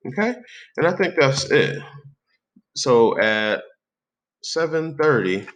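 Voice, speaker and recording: A man hosting a software tutorial, calmly talking through each step aloud as he types into a document. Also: medium pitch, takes it slowly. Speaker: tutorial host. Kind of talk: screen-recorded software tutorial.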